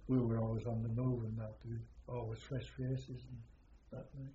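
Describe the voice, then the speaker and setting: An older man, a war veteran, slowly recounting his memories in a halting way with many pauses during an interview. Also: medium pitch, flat delivery, warm tone, slight background noise. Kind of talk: oral history recollection. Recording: echoey, dull archival interview tape.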